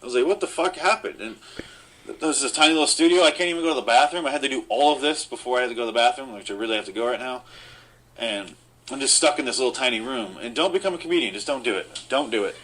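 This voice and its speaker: A man's voice: mid-range voice, racing, fairly bright tone. A man in his thirties, a comedian, ranting at himself with self-mocking swearing in a tiny studio. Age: 30s.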